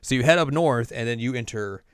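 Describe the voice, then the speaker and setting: Speaking a little fast in a clear, resonant, medium-pitched voice, this man co-hosts a podcast. He rambles through a casual recap of a game story, full of "like" and laughter, and acts out characters. The sound is studio quality with no echo.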